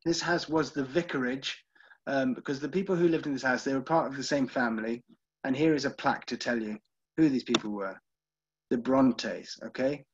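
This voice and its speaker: A man's voice: medium pitch, normal speed, husky, dull audio. A man with a British accent leads a live online literary tour, chatting casually with viewers and using plenty of ums. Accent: British English. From United Kingdom. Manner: chatty, checks in with listeners, frequent ums. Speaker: virtual tour guide.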